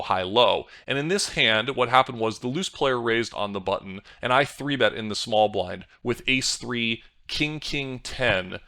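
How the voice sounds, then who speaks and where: A man with a bright, forward voice coaches over a screen share, reviewing poker hands in a steady analytical way. He thinks aloud as he goes, often restarting a word mid-sentence. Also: mid-range voice.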